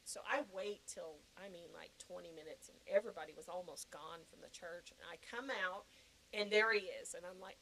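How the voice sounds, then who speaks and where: An older woman telling a personal story in a podcast interview, animated and laughing often. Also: mid-range voice, brisk, slight background noise, low-quality recording. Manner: animated, laughing, acting out quoted reactions. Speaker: guest.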